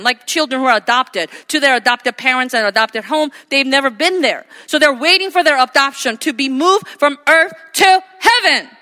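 A woman pastor preaches with a high, bright voice that rings sharply. She is emphatic, repeats her phrases and calls on the listeners for amens. The sound lingers in a long hall reverb. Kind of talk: sermon.

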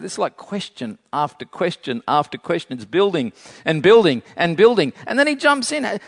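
A man's voice: fairly high pitch, sing-song, brisk. Preacher man in a reverberant church. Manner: builds intensity with strings of rhetorical questions; conversational asides to the congregation. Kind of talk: sermon. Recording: long reverb of a church hall.

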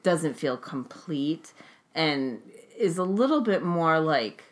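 A woman's voice: low voice, expressive, takes it slowly. Giggly rambling woman co-host. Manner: giggly, rambling, lots of fillers. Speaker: podcast co-host. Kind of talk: casual movie-recap chat.

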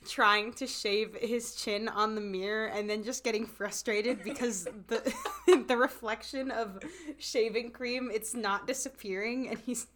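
A woman's voice: on the high side, steady tone, measured pace, a bit bright. A woman co-hosting a casual chat, giggling often and rambling with lots of "like". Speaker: podcast co-host.

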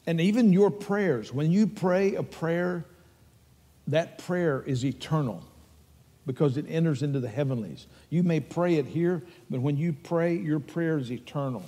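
A man's voice: fairly high pitch, unhurried, dark tone, breathy edge, big-room sound. An older man with a Texan accent preaching a sermon as pastor, earnest and emphatic as he tells stories.

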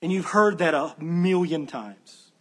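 A man with a high, husky voice preaches an expository sermon. He speaks earnestly and with emphasis, circling back to repeat key phrases. His manner is that of a patient teacher walking through a text. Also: measured pace, a bit bright. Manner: teacherly, explains Greek word order. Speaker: pastor.

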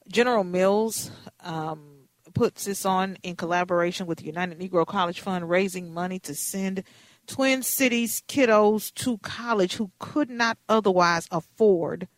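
Animated woman in her fifties, dry sound. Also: fairly low pitch, unhurried, no room sound. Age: 50s. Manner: animated, chatty storyteller. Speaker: radio host. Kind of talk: storytelling on radio.

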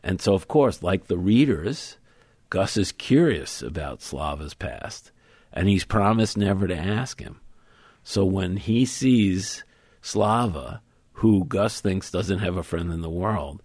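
A man being interviewed as an author, explaining at length in a thoughtful, measured way. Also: sits low, lively intonation, darkish tone, slightly rough, no echo. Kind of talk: conversational interview.

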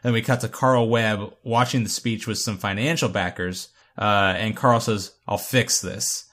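A man's voice: fairly low pitch, moderate pace. A man hosting a podcast, recapping a TV episode scene by scene and reading out lines in casual chat. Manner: recounts scenes, reads quotes in a lively voice.

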